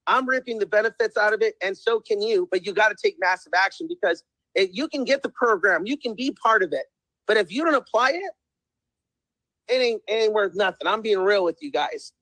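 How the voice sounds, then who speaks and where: Guy hyping up the crowd in a pep talk, keeps saying guys and guess what, bright tense voice. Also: high-pitched, expressive, brisk, no echo, low-quality recording. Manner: emphatic and repetitive, addresses viewers as guys. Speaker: testimonial speaker.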